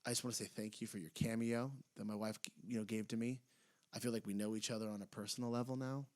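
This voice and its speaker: A young man co-hosting a casual wrestling podcast, excitable, his voice jumping up when he retells funny moments. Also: on the low side, fast talker. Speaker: podcast co-host. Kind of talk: casual chat.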